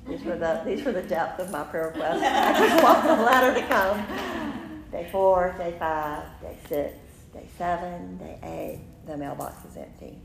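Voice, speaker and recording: A woman in her fifties, a podcast host, telling a personal story in an animated way, laughing often and acting out what people said. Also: fairly low pitch, normal speed. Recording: roomy room with faint noise.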